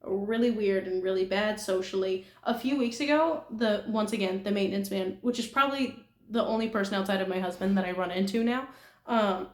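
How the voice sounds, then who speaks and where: A woman's voice: mid-range voice, fairly quick. A young woman from California chatting casually to her viewers, rambling with frequent giggles and self-deprecating asides. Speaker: nail artist vlogger. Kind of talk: casual chat. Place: apartment room. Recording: echoey room.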